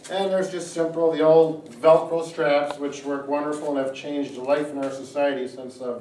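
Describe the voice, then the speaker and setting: A man with a slightly raised voice talks a viewer through a home treatment device in a plain, step-by-step way, pausing on fillers as he goes. He sits back from the mic in a roomy, echoing space. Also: fairly high pitch, darkish tone, a little hiss or hum. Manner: plain-spoken, explains step by step with frequent fillers. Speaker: physical therapist host. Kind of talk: casual product demonstration. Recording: echoey room, mic at a distance.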